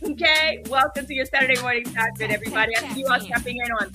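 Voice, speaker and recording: A woman hosting a livestream talk show, loud and energetic, with a sing-song, preacherly way of talking. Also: fairly high pitch, racing. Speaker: host. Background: hip hop music.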